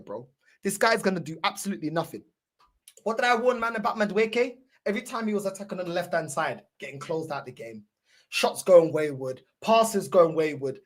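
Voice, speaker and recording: A woman hosting a football fan channel, ranting angrily after a loss, swearing, repeating herself and switching between English and Portuguese. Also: lowish voice. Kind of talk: angry fan reaction rant.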